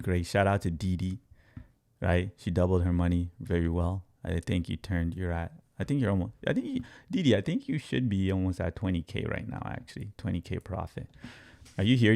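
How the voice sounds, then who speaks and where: Brief: young adult man, low gravelly voice, chatty live-stream trading host who keeps addressing viewers. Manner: energetic, repeats himself, talks straight to viewers. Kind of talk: casual live-stream market commentary.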